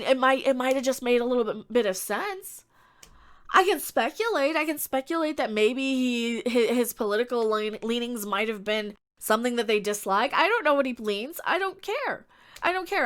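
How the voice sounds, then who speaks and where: A woman YouTube commentator, stuffy from allergies, talking in an exasperated, sarcastic way with halting restarts. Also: high-pitched, a bit bright, clean tone. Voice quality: stuffy, nasal. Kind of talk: casual opinion commentary.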